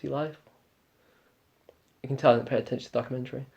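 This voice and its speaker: Teen male co-host, Northern English accent, rambling and hesitant, mid-pitched voice. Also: steady tone, racing, gravelly, darkish tone, lo-fi sound. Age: teens. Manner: hesitant, rambling, many restarts. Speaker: podcast co-host. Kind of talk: casual chat.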